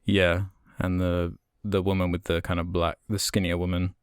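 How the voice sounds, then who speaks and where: A man co-hosting a podcast, discussing a film casually in a measured, hesitant way with many fillers. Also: low-pitched, flat delivery, clear, resonant tone, dry recording, clean studio sound. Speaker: podcast co-host.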